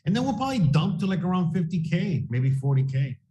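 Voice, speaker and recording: A man's voice: high voice, big pitch swings, brisk, warm tone. A man co-hosting a casual crypto livestream, rambling and swearing, full of "you know what I mean.".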